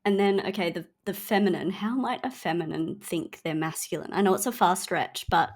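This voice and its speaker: A woman hosts a casual podcast chat in a lowish voice. She mostly chimes in with short, agreeing replies. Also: brisk, a little mellow. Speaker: podcast host.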